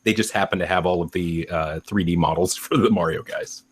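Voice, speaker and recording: A man with a fairly low voice co-hosting a casual comedy podcast. He throws in quick, dry jokes. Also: a little hiss or hum. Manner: quick deadpan quips. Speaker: podcast co-host.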